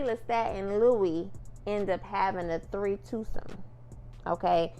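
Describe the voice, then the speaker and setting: A woman's voice: mid-range voice, creaky. A woman chatting through a TV episode recap in a sassy, playful way, often calling the viewer "girl". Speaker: TV recap vlogger.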